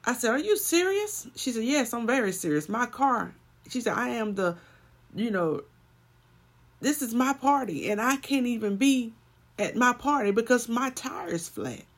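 Woman, preacher, sermon storytelling, emphatic swells, fairly high voice. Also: expressive, moderate pace.

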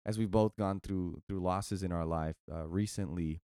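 Low male co-host, casual and lively, clear dry recording. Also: normal speed, no echo. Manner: animated, casual, says dude and man. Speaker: podcast co-host. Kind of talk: casual faith discussion.

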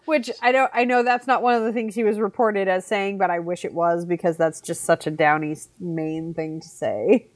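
A woman's voice: on the low side, steady tone, normal speed, few pauses, no room sound. A woman co-hosting a podcast, chatting casually and explaining things to her co-host. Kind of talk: casual chat.

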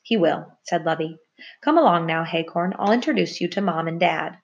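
A woman voicing a small, bold young female mouse who talks in a bossy, cheerful, high chirpy way. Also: moderate pace, gravelly, lo-fi sound.

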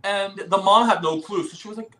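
A man's voice: high voice, fairly quick, crowd noise. A man from South Korea, a guest telling personal stories in casual chat, laughing often as he talks. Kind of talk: casual storytelling.

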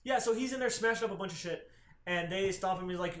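A man's voice: high-pitched, fast, a bit bright. A man hosting a podcast, casually retelling a comic plot in a rambling, profane way and acting out quotes. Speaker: podcast host. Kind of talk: casual chat recapping comics. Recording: roomy room with faint ambient noise.

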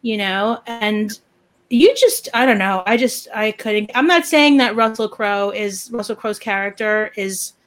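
A woman chatting casually as a podcast host, ranting in an animated, opinionated way. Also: medium pitch, a little slow. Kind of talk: casual chat.

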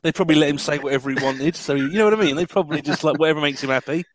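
A man's voice: a little high, rapid-fire, a crowd in the background. A man in casual chat about a film, rambling and jokey, acting out quoted lines as he goes. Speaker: film podcast co-host.

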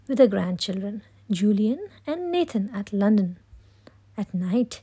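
Woman storyteller, whispered role-play, breathy, very slow, gravelly. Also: mid-range voice, very animated. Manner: slow, hushed, breathy reading.

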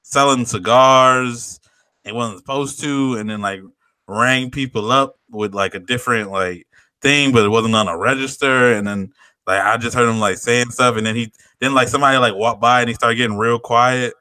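A man's voice: medium pitch, moderate pace, pushed and bright, smooth, dry recording. A young man co-hosting a podcast, rambling through a story in casual chat, laughing and swearing a lot. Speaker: podcast co-host.

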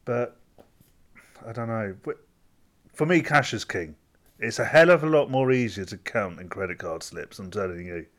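A man's voice: on the low side, animated, moderate pace, long pauses. A man co-hosting a casual podcast chat. He rambles and hesitates, often restarting his sentences. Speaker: podcast co-host.

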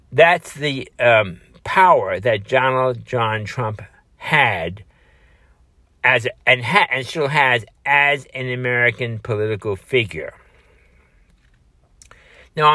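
A man's voice: mid-range voice, lively intonation, slow, pauses often, sharp tone, dry recording. A man delivering an impassioned political commentary monologue, building long repetitive lists and stumbling into fillers and restarts.

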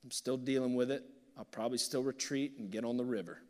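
Passionate pastor in a reverberant hall. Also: male voice, mid-range voice, fairly even intonation, quick pace. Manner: passionate, swings from loud bursts to hushed near-whispers. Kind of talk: sermon. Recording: long reverb of a large hall.

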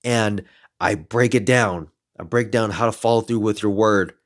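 A man in his twenties, a podcast host telling a story in casual, lively style, adding some playful swearing. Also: on the low side, normal speed. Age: 20s.

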